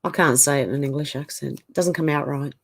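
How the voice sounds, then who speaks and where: A middle-aged woman hosts a livestream in a casual chat, reading out viewer comments and reacting to each one with quick opinions. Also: deep voice, fairly even intonation. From Australia. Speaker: livestream host.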